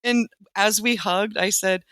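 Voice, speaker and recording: A woman from Nebraska, a teacher and interview guest, telling stories animatedly and acting out quotes with big jumps in pitch. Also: steady tone, unhurried, a bit bright, clear, resonant tone, dry recording. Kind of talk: casual interview storytelling.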